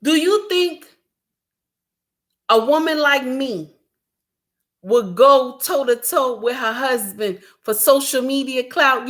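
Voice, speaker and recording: A middle-aged woman, giving an impassioned commentary monologue, repeating her points and shouting for emphasis. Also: high voice, measured pace. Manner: preachy, repeats lines for emphasis, shouts at times. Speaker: commentary vlogger.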